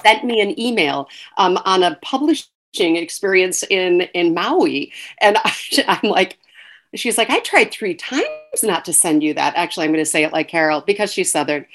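A woman's voice: on the low side, lively intonation, moderate pace, fairly bright tone. A woman, an author and guest, telling her story in a casual interview, acting out dialogue and laughing between phrases.

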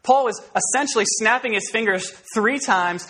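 Animated man preaching a sermon. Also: high-pitched, fairly quick. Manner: conversational and animated, with raised emphatic bursts. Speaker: pastor. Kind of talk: expository sermon.

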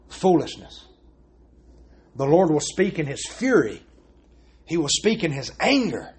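A man's voice: on the high side, big pitch swings, a little slow, pauses often. A man preaching a sermon as pastor, earnest and emphatic, stressing his points and asking rhetorical questions.

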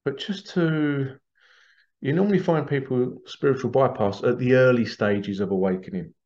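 A man with a medium-pitched, darkish voice speaks at a moderate pace over lo-fi sound. Hosting a spiritual podcast, he rambles through a casual monologue full of opinions, mimicking the people he quotes in little voices.

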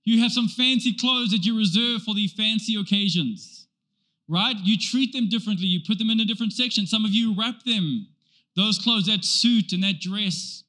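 A man preaching a sermon to a church, animated and emphatic, driving points home with repetition. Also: sits high, moderate pace. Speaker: pastor.

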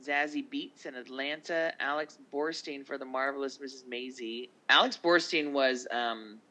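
A man co-hosting a casual podcast chat, reading down a list of nominees with quick asides. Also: mid-range voice, sharp tone, rough recording. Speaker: podcast co-host.

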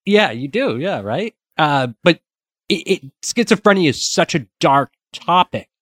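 A man on a podcast, speaking in a hesitant, halting way. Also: a little high, big pitch swings, a bit bright, no room sound. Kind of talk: casual podcast chat.

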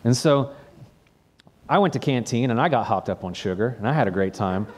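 A man's voice: medium pitch, animated, brisk. A man who is a pastor, giving a sermon that retells a personal story in a conversational way and often repeats the first word of a phrase.

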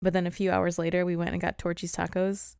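A woman's voice: on the low side, completely flat delivery, fast, gravelly, a little mellow, clear, resonant tone, no room sound, studio quality. A woman from the Chicago area co-hosting a podcast in casual chat, wry and laughing often. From Chicago area, USA. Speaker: podcast co-host.

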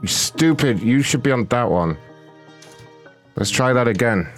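A man's voice: medium pitch, expressive, unhurried, soft background music. A man hosting a prank call livestream, chatting casually, swearing and laughing as he jokes. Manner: profane, laughing, joking. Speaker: host of a prank call show.

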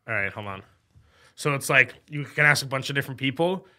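A man's voice: mid-range voice, expressive, brisk, sharp tone. An American man co-hosting a podcast, chatting in a rambling, playful way. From United States. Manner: rambling, playful, puts on silly voices. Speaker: podcast co-host. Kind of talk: casual chat.

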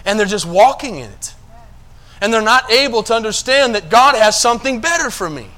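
A male pastor preaches a bit fast in an animated, high-sitting voice. He checks that listeners are following, dropping into quiet asides and then surging into loud emphasis.

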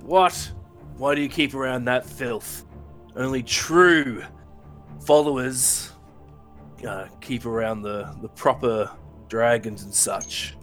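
A man's voice: mid-range voice, slow, fairly bright tone, soft background music. A man voicing his haughty, self-important male adventurer in a tabletop game, with a scornful, lofty delivery.

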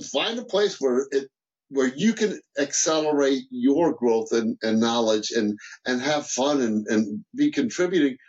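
A man speaking as a guest business mentor in a casual interview, animated and full of restarts and repeated words. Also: mid-range voice, a little slow, highs cut off.

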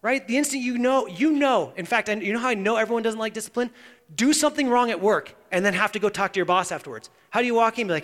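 A man preaching a sermon as pastor. He swings between hushed, intense passages and loud, animated emphasis. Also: sits high, fast. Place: church sanctuary. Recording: long church reverb.

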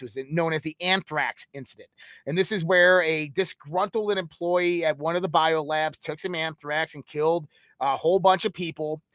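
A man with a fairly high voice holds forth in a long, rambling monologue. He lectures emphatically, stacking up lists and asking rhetorical questions, and his voice sounds dry and close. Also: fairly bright tone, dry recording. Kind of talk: conspiratorial monologue.

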